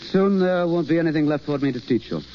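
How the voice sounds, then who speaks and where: An actor in a 1930s radio drama playing a polished acting teacher, smooth and theatrical but evasive. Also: male voice, fairly high pitch, fast, lightly acted. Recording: dull old radio broadcast with faint hiss.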